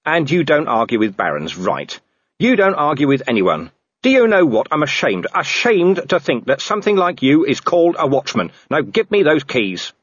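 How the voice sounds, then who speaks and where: A man's voice: a little high, wildly swooping pitch, normal speed, husky, dry recording, voice pushed up, full character voice. A man voicing a furious, hard-bitten middle-aged watch commander in an audiobook, clipped and threatening, on a slightly dull, dry recording.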